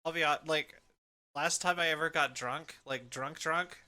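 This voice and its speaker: Man, slightly high voice, very bright; laid-back streamer telling stories. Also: moderate pace, clean tone. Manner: easygoing storyteller, many fillers. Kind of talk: casual chat on a livestream.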